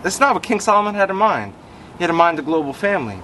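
A rabbi, telling stories in an animated way and acting out quoted voices, talking on a city stoop. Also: male voice, on the high side, very fast, slight background noise. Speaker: rabbi guest on a podcast. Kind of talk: casual storytelling conversation.

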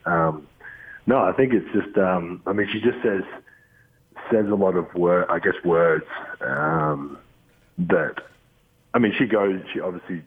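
An Australian man with a low, husky voice comes through a tinny phone line. He talks from home in a loose, rambling way, filling gaps with ums and starting his sentences over. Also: measured pace, pauses often. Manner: relaxed and rambling, many ums and restarts. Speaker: guest, professional basketball player. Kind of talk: casual interview over the phone.

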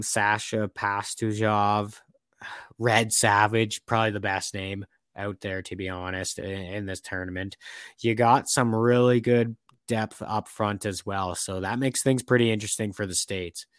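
A man's voice: fairly low pitch, fairly bright tone, smooth, dry recording. Dry-voiced man in casual hockey talk. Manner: rambling, many fillers and restarts. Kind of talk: casual sports chat.

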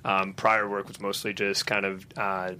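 Man telling relaxed, laughing stories. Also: low-pitched, normal speed, slight background noise. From North Carolina, US. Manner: relaxed storytelling, laughs often. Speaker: actor guest. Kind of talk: casual panel chat.

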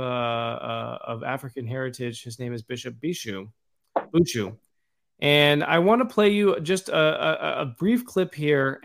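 A man hosting a podcast, chatting directly to listeners as he sets up a clip. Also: medium pitch. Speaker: podcast host. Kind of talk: casual introduction.

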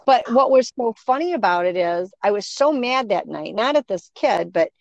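A woman's voice: mid-range voice, normal speed, gravelly, dry recording. Middle-aged woman, casual storyteller, acts out quotes, muffled close sound. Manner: animated, acts out quoted voices. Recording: dull, dry sound.

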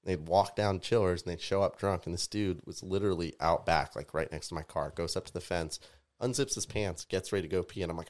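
A man from Tampa, a DJ and music producer, telling animated stories in casual podcast chat, his voice jumping up when he acts out what people said. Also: low-pitched, quick pace. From Tampa, Florida. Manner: animated storyteller, voices rise sharply in quoted outbursts.

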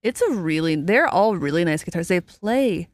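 Young woman podcast host, playful and chatty, quick to laugh, casual interview at a gear show. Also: on the low side, expressive, dry recording. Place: busy gear show floor.

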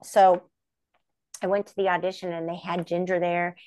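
A woman puppeteer and voice actress, a guest on a podcast, telling stories in a lively way and slipping into the voices of the people she quotes. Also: fairly low pitch, normal speed, no room sound. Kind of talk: casual interview storytelling.

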